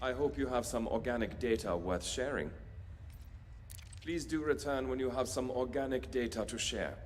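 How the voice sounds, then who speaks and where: An actor playing a brisk male space station vendor in a game, with a German accent and a curt, businesslike manner. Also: medium pitch, a little hiss or hum, close to an everyday voice. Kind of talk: game character voice lines.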